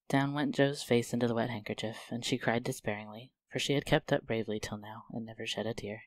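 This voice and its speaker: A man reading a classic novel aloud, steady and expressive. His voice sits at a middle pitch, recorded close and very dry with no room sound. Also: a little fast, few pauses, no room sound. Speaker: audiobook narrator. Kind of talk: scripted narration.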